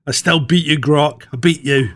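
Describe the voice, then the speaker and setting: A man's voice: on the high side, normal speed, fairly bright tone, a little hiss or hum. A man co-hosting a live stream, telling stories animatedly with swearing and laughter. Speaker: co-host. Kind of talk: casual live-stream chat.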